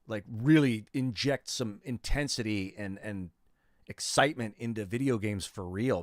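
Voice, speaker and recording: A man's voice: fairly low pitch, dry recording, clean studio sound. A man in his thirties chatting casually on a gaming livestream, rambling and slangy as he talks to viewers. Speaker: gaming streamer.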